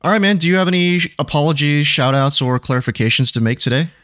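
A man's voice: fairly high pitch, fast, fairly bright tone. A man co-hosting a podcast in casual chat, joking and swearing casually. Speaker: podcast co-host.

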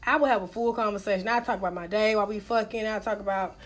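A woman's voice: medium pitch, quick pace. A woman in her thirties telling frank, profane stories in casual chat, acting out what others said. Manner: blunt, profane, animated, acts out quotes.

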